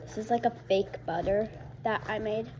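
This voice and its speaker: A young woman vlogger shows off her things in a casual home show-and-tell, chatting with plenty of fillers. She has a mid-range voice at normal speed, and there's background noise, with a TV chattering in the background.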